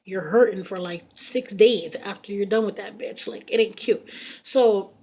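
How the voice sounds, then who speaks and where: A woman in her thirties tells a personal story in a casual storytime way, her medium-pitched voice a little slow and slightly rough. Her animated retelling is blunt and profane and packed with fillers.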